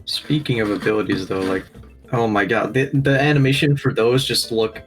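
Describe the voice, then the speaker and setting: A man's voice: medium pitch, fairly even intonation, normal speed. A young man joining a casual anime review chat, laid-back and tentative. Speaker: guest co-reviewer. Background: faint game music.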